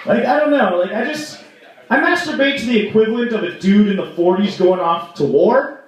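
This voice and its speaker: A man's voice: sits high, expressive, a little fast. A young man performing a rambling stand-up set at an open mic in a small bar, with lots of "like" and mock outrage. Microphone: stage microphone. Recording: echoey room, voice from far off.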